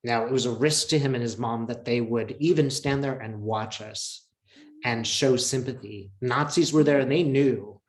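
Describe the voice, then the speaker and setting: Male guest, mid-pitched, earnest and reflective, roomy echo on the call. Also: normal speed. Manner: earnest, emotional, reflective, many fillers. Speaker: interview guest. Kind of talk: casual storytelling in an interview.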